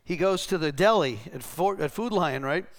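Expressive and a little high, the man's voice keeps a normal pace as he preaches. The pastor's sermon leans on stories told in a conversational manner, punctuated by "right?" and by his impressions of the characters' voices.

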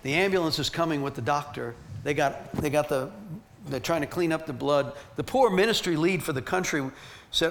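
A man teaching a ministry team and carrying his points through lively, emphatic stories. His voice sits a little high for a man. A faint background noise runs under his talk. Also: moderate pace. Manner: animated, emphatic storytelling with laughs.

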